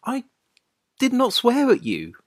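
A woman's voice: a little high, wildly swooping pitch, slow, slightly rough, dry recording, clean studio sound, full character voice. A woman playing a flustered, pleading young man. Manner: pleading, exasperated. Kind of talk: dramatized short story reading.

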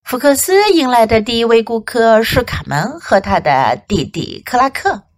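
A woman English teacher reading a storybook to children and slowly explaining phrases. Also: fairly high pitch, big pitch swings. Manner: slow, clear, explaining and repeating for children.

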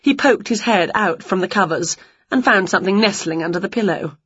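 A woman reading a children's picture book aloud, expressive and playful, acting out the sounds. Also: mid-range voice, fairly quick, husky, no echo, highs cut off. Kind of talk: storybook read-aloud.

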